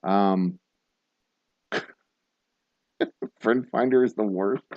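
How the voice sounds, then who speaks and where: A man hosting a livestreamed bar trivia night, reading questions slowly and joking casually with some swearing. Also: fairly low pitch, dry recording, dull audio. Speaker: trivia host.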